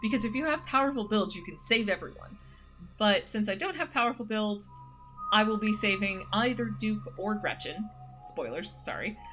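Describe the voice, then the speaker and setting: Lively woman streamer chatting casually. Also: medium pitch, normal speed, music in the background. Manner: rambling, full of fillers. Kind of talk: casual game-stream chat.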